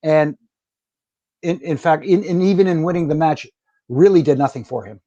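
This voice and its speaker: A middle-aged man speaks in a slightly raised but mellow voice, giving frank, plainspoken opinions and restarting his phrases as he goes. His voice comes over dull, lo-fi remote call audio. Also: on the high side, moderate pace. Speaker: guest, former wrestling referee. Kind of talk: casual interview chat.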